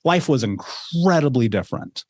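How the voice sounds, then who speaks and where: A man's voice: mid-range voice, sing-song, normal speed, a little mellow, no echo. A man in his thirties, a podcast guest candidly telling his personal life story with conversational asides.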